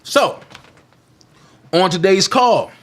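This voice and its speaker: Speaking very slowly in a high, expressive voice, a man hosts a political livestream. He delivers a defiant, heated monologue that taunts critics, with phrases repeated for emphasis and swings between loud outbursts and hushed asides.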